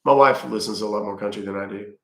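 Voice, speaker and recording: Gravelly man chatting with viewers. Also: lowish voice, fast, reverberant. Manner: chatty, answers viewer questions with fillers. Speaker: livestream host reading chat. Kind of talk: casual chat.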